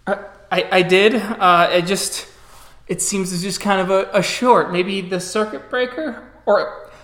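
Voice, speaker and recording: A man's voice: high voice, steady tone, a little slow, fairly bright tone. A man voicing a timid, nervous father who stammers and hesitates in a tabletop game.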